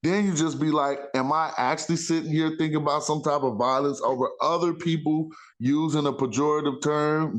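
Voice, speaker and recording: A man hosting a casual talk show, rambling in loose street slang with frequent self-interruptions. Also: fairly high pitch. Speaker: podcast host. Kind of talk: casual chat.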